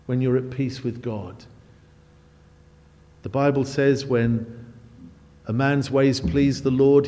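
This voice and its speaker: A man preaching a sermon, emphatic, with his voice swelling louder and higher on key phrases. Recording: long hall reverb.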